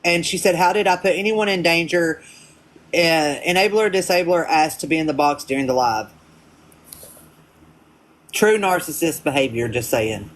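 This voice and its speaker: A man on a livestream call, quick to judge and dismissive in tone. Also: fairly high pitch, a bit bright, low-quality recording. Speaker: livestream guest. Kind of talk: casual livestream chat.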